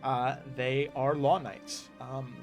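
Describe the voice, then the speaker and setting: A man's voice: medium pitch, flat delivery, slow, gravelly, faint music behind. A man narrating as game master in a tabletop game, chatty with many ums and frequent laughs.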